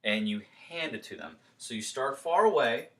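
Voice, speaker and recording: A man's voice: medium pitch, very animated, moderate pace, far from the mic. A man giving a casual, upbeat sales training talk, full of fillers and acted-out doorstep role-play. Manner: upbeat, friendly, lots of fillers.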